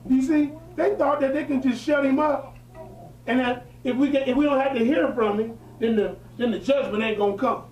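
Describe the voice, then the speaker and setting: High-voiced man preaching in an echoey room. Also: fairly even intonation, moderate pace, highs cut off. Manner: switches from formal reading to emphatic colloquial asides. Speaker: religious teacher. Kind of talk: reading a historical text aloud with preaching commentary. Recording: echoey room, distant mic.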